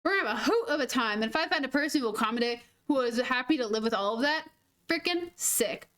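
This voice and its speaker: A high-pitched woman chatting casually through a gaming stream. She rambles and giggles often, dropping slangy words like 'dude' and 'freaking' as she talks. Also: animated, fast, fairly bright tone.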